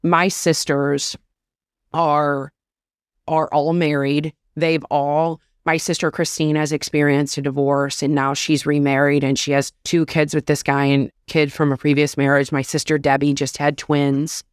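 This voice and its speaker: A woman's voice: low-pitched, flat delivery, a little slow, smooth, no echo, studio quality. A woman in her thirties, a podcast guest, talking openly and casually about motherhood, with lots of "like". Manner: open, confessional, says "like" often. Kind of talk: candid casual chat.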